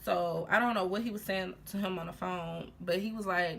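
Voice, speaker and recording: Young woman with a creaky storytime voice. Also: on the low side, brisk, a little hiss or hum. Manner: animated, heated retelling full of fillers and laughs. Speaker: vlogger. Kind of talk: casual storytime while getting ready.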